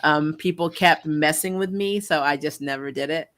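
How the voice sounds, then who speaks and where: Woman stream host, bright tone, loose and laugh-prone chat delivery. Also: sits low, moderate pace. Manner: chatty, laughs often, lots of ums. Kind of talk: casual livestream chat.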